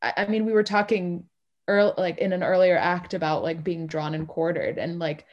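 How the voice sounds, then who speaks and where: A woman's voice: lowish voice, steady tone, moderate pace, lo-fi sound. A woman in a casual play discussion, rambling with many fillers and restarts. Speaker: play reading participant.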